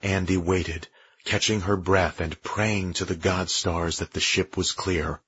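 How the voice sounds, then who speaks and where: A man narrating an audiobook in a steady, measured storytelling manner. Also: sits low, breathy edge, dry recording, dull audio. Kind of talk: scripted narration.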